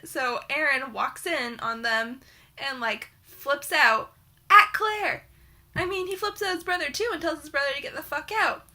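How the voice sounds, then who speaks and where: A young woman with a high, very bright voice tears into a book in a heated, sarcastic rant, swearing in almost every sentence. Her delivery stays high and piercing as the rant goes on. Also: unhurried. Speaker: book reviewer.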